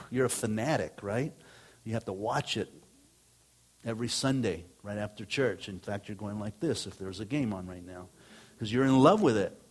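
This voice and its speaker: A middle-aged male pastor delivering a sermon to his church in an easy, conversational tone. His voice sits at an ordinary male pitch and swells up on emphatic points, then falls quieter for asides. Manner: conversational preaching with rising emphatic lines.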